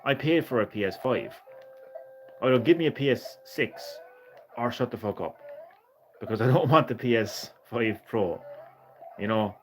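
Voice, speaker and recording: A man's voice: medium pitch, measured pace, long pauses, faint music behind. A man streaming a retro game, chatting with viewers in a sweary, ranting way. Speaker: gaming streamer. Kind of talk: casual live-stream chat.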